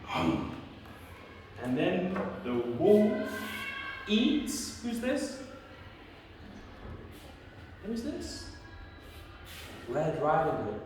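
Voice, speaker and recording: Slow, lively woman telling a story. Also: fairly low pitch, noisy background. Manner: slow, lively, quizzing the child often. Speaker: English teacher. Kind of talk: storytelling to a child. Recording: echoey room from far off.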